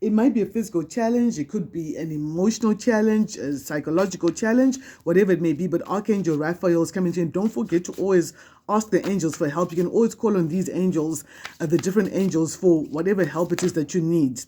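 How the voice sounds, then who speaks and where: A woman with a dark, mellow tone reads spiritual tarot cards for her viewers. She talks conversationally and with emphasis, restarting phrases and repeating her points. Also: fairly low pitch, fast talker, breathy edge. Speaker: tarot card reader. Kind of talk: spiritual card reading to camera.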